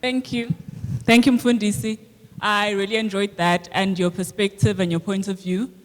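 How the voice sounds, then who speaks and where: A man's voice: high voice, little pitch movement, normal speed. A man in the audience asking the pastor a question at a live congress, polite and hesitant as he searches for words. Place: large congress hall. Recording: long hall reverb from a live congress.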